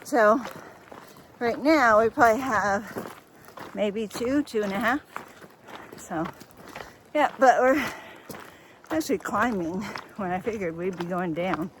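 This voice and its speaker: A woman chatting in a relaxed, matter-of-fact way while walking outdoors on a trail. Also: mid-range voice, takes it slowly, pauses often, noisy background. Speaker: thru-hiker, vlogger's wife. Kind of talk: casual chat while walking. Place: outdoors on a trail road walk.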